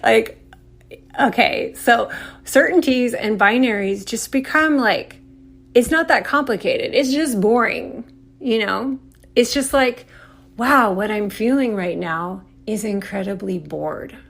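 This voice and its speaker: A woman's voice: medium pitch, vocal fry, a bit bright. A woman hosting an astrology podcast, talking in a rambling, playful way with lots of "like" fillers. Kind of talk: casual solo talk.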